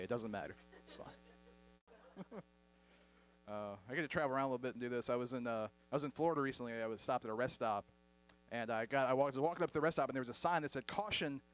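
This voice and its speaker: Guy doing stand-up at a club, pretty high voice, playful crowd work. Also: a bit bright. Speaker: stand-up comedian. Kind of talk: stand-up comedy set. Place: comedy club stage before a live audience.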